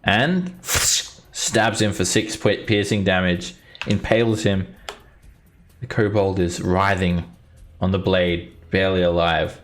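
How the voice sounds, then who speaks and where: A man's voice: sits low, fairly even intonation, slow pace, soft background music. A man running a tabletop game as dungeon master, narrating easily with chuckles and fillers.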